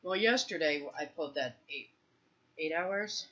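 A woman chats in a relaxed, storytelling way. Her voice sits low but has a bright, forceful edge, and the recording sounds dull and lo-fi. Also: measured pace. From Ohio, USA. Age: 40s. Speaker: parent and channel host. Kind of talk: casual home chat while gaming.

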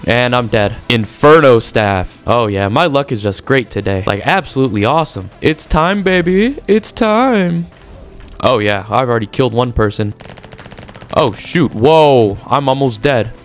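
Young male gamer, hyped play-by-play with casual slang, mid-pitched voice, faint music under it. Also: normal speed. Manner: excitable, trash-talking, casual slang. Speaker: gaming YouTuber. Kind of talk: energetic gameplay commentary.

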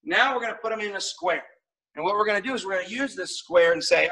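Male martial arts instructor, high bright voice, upbeat and encouraging, calling out drills; recorded from across an echoey studio. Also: fast, recorded from a distance. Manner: upbeat, encouraging, casual with fillers.

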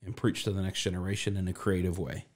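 A man's voice: low-pitched, little pitch movement, quick pace. A man who is a youth pastor, chatting in an easygoing, reflective way and laughing often. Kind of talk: casual podcast chat.

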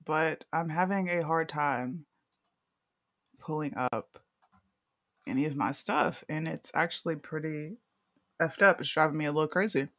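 A woman's voice: low-pitched, unhurried, long pauses, fairly bright tone, dry recording, clean studio sound. A woman co-hosting a casual chat stream, blunt and outspoken, with lots of slang. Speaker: co-host.

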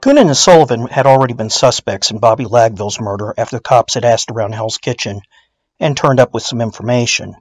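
A man's voice: medium pitch, quick pace, a little mellow, slightly rough, dry recording. A man narrating a true-crime documentary in a casual storytelling way, dropping in blunt, swearing asides.

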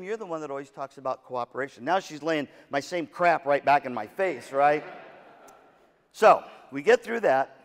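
A man giving a humorous, story-driven keynote talk to music teachers, joking and self-deprecating, recorded in a large conference hall. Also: on the high side. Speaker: keynote speaker to band directors. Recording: long reverb of a large hall.

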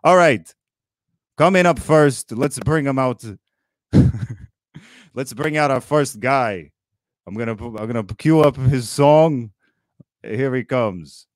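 A man playing Moses as a grumpy old Brooklyn man, hosting a comedy roast with sarcastic rapid-fire jokes. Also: medium pitch, no room sound, lightly acted. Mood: kvetching. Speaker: roast host.

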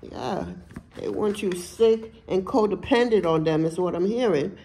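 A woman's voice: mid-range voice, unhurried, warm tone, a little hiss or hum, poor audio. Woman tarot reader, blunt and profane, emphatic casual delivery, mid-range voice.

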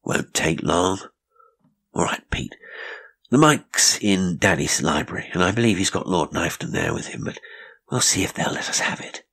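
A man's voice: low voice, expressive, normal speed, gravelly, fairly bright tone, husky, exaggerated voice. A man doing a whimsical, good-humoured uncle. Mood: easygoing. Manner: easygoing, kindly.

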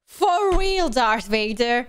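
A woman with a high voice that leaps all over her range reacts to clips. She talks in an animated, casual way and laughs easily. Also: slow, noisy background. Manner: animated, laughs often, calls viewers "bros". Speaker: YouTube reaction host. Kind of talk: excitable reaction commentary.

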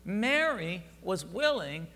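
A man preaching an Easter sermon in a high, bright voice that rings out over the congregation. He swings from hushed, near-whispered lines to fervent shouting. The sound carries a long church reverb over a faint hum. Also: very animated, slow, gravelly. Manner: dramatic preaching that builds from quiet to shouting. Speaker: pastor. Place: church sanctuary.

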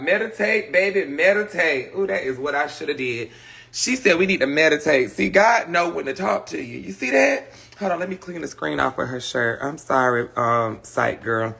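On a live stream, a man with a high-ish, gravelly, bright and pushed voice chats casually with viewers, brash, profane and gossipy as he rants out his frustrations. It sounds captured on a phone or webcam.

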